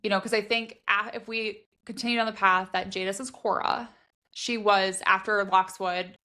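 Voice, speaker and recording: A woman's voice: medium pitch, steady tone, normal speed, pushed and bright. A woman co-hosting a podcast, talking through theories about a fantasy novel in a casual, thinking-aloud way, full of "like" fillers. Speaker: podcast co-host. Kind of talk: casual book discussion.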